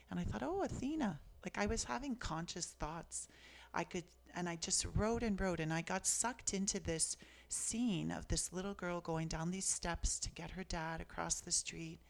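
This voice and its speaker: A woman in her fifties from Canada, an author and guest who shares personal stories in an earnest, reflective way. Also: fairly low pitch. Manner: earnest, reflective, soft-spoken. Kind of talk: personal storytelling in conversation.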